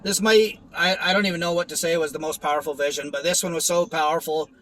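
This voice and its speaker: A man's voice: a little high, steady tone, fast talker, a bit bright, a little hiss or hum, rough recording. A young man giving a rambling, earnest personal testimony, with many restarts and fillers. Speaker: testimony vlogger.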